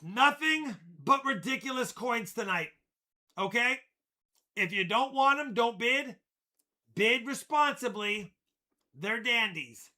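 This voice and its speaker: A man hosting a live coin auction stream, joking around and shouting out countdowns and winners. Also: very high voice, lively intonation, slow, long pauses. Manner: jokey, loud countdowns and shouted calls. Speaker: livestream coin auction host. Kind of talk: energetic live auction patter.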